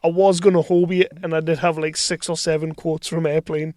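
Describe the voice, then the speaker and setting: A man's voice: on the high side, fairly quick, no room sound, clean studio sound. A man co-hosting a casual movie podcast chat, telling stories with lots of laughter. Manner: animated storyteller, laughs often. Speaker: podcast co-host.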